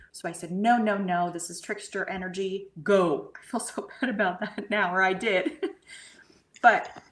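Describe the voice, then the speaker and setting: A middle-aged woman telling a personal story as a guest, halting and often sinking to a soft whisper. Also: mid-range voice. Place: at home. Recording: roomy echo.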